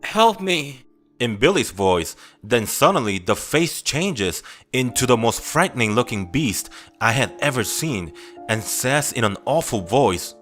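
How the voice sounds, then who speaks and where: A man reading first-person scary stories aloud in a steady, grim, confessional storytelling manner. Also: medium pitch, a little slow, soft background music.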